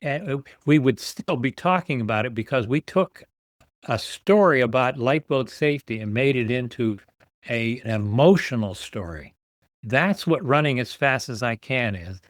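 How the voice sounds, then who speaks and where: A man's voice: mid-range voice, animated, moderate pace, no room sound, studio quality. Earnest older man telling his story. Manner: earnest, repeats words as he builds a point. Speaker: guest, author and nonprofit founder. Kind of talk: podcast interview storytelling.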